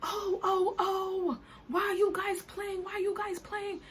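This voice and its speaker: A woman voicing an agitated male vendor who shouts and repeats himself demanding money. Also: flat delivery, a little slow, a little hiss or hum. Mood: whining. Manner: shouting, repetitive, high-pitched whine.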